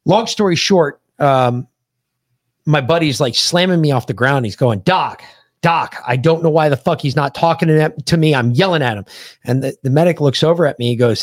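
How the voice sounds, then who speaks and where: A man's voice: on the high side, moderate pace, no echo, studio quality. Blunt, profane American man telling a war story. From United States. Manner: blunt, profane, animated retelling of combat. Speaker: podcast host. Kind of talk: casual storytelling.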